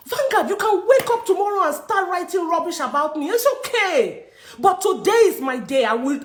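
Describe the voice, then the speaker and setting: Indignant Nigerian woman, high and roomy. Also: animated, moderate pace. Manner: indignant, scolding, emphatic repetition. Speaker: actress speaking to her followers. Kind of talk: angry social media rant.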